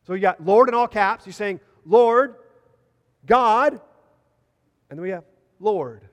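A man with a high voice preaching a sermon in an earnest manner. He leans on repeated phrases for emphasis. The sound rings with the long echo of a hall. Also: lively intonation, fairly quick.

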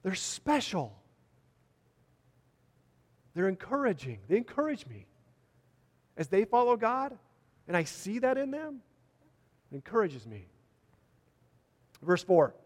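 High-pitched guy preaching, earnest, lots of repeating, echoey hall. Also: huge pitch swings, slow, long pauses. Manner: earnest, repeats phrases for emphasis. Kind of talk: sermon.

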